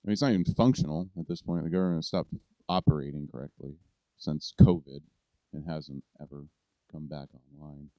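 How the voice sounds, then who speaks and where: A man's voice: extremely low pitch, fairly quick, dark tone, no echo, highs cut off. A man hosting political commentary, rambling and indignant, swearing now and then. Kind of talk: casual ranting commentary.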